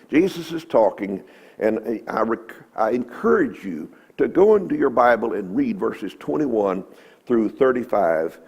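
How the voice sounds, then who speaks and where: A man's voice: medium pitch, gravelly, a little mellow, breathy edge. A man giving a folksy, emphatic Bible lesson in a church, quoting scripture. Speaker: Bible teacher.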